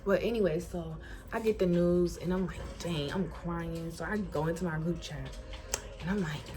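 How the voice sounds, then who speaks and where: A young woman from Florida telling a casual storytime about getting into college, animated and colloquial, acting out what people said. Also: fairly low pitch, moderate pace. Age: young adult. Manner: animated, colloquial, acts out quotes. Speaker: incoming college student. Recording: music playing behind voice.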